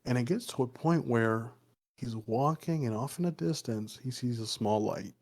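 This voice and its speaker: A man's voice: mid-range voice, moderate pace, a little mellow. A man casually telling a folk story on a podcast, swearing often and rambling with lots of fillers. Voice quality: loose, profane, rambling with many fillers. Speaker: podcast co-host.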